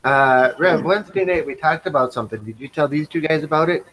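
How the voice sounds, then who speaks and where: A man co-hosting a casual livestream, reading viewer chat messages aloud in a relaxed way. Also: a little high, fast, low-quality recording.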